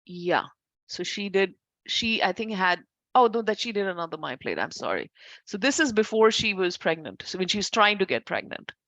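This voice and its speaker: Speaking at a moderate pace in a sing-song, mid-range voice, this woman teaches an Ayurveda class casually. She keeps fixing her own sentences partway through and turns to her students with warm side remarks. There's no echo on the audio.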